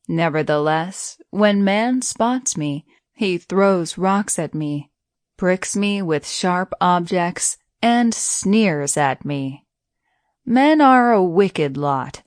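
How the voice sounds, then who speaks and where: A woman voicing a weary old male alligator who drawls slowly and bitterly. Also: fairly low pitch, no room sound, clean studio sound.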